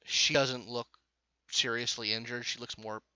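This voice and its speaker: A man narrating a tabletop game as game master, casual and halting with restarts. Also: mid-range voice, steady tone, bright, forceful tone, smooth, no room sound, lo-fi sound.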